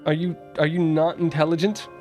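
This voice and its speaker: A man's voice: a little high, flat delivery, brisk, darkish tone, faint music behind. Joking man streaming a game. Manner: rambling, joking asides to chat. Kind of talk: casual live-stream commentary.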